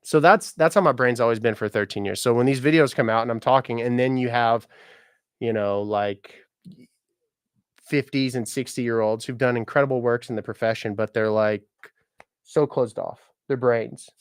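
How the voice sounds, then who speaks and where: At a moderate pace, a man in his thirties, a musician and content creator, keeps up casual, jokey live-stream chat, laughing often, swearing, and greeting viewers by name. His medium-pitched voice is smooth, recorded at studio quality without echo.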